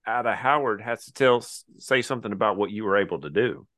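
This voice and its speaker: A man hosting a podcast interview, asking questions in a relaxed, conversational way. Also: lowish voice, quick pace. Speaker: podcast host.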